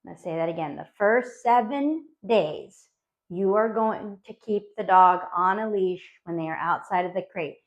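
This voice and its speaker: A woman dog trainer explaining training phases to owners, animated and acting out little voices for dogs and owners. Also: on the low side, moderate pace, few pauses. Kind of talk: spoken instructional talk to dog owners. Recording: dull lo-fi sound.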